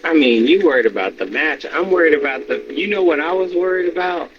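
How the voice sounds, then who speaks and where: A man co-hosting a podcast, talking casually and animatedly, swearing a lot and acting out reactions in high yelps. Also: lively intonation, a little fast. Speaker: podcast co-host. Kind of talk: casual wrestling chat. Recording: slightly dull with faint noise.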